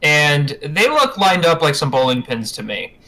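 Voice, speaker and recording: A man playing a tabletop game, eager, with quick asides. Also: fairly high pitch, very animated, sharp tone. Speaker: player. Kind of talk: casual tabletop game play.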